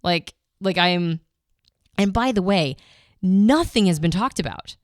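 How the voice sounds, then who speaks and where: Podcast co-host, female, slightly low voice, dry close sound, restarts often while recounting. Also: expressive, unhurried, dry recording. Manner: emotional retelling with frequent restarts and asides. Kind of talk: casual storytelling.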